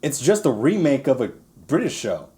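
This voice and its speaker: A man's voice: medium pitch, big pitch swings, moderate pace, crowd noise. A man hosting a podcast, chatting casually with friends in a blunt, teasing, opinionated way. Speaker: podcast host. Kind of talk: casual chat.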